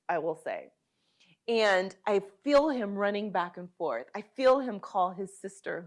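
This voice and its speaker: A woman tells a personal story in a heartfelt, vivid way. Her voice sits at a middle pitch and ranges from hushed to loud as she recounts events. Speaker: guest.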